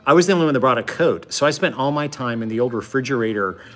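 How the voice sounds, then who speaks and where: A man's voice: medium pitch, lively intonation, fast talker, fairly bright tone. A middle-aged man hosting a cooking show, chatting and joking dryly in his home kitchen as he cooks. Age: 50s. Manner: dry, joking, rambling. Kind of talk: casual chat while cooking.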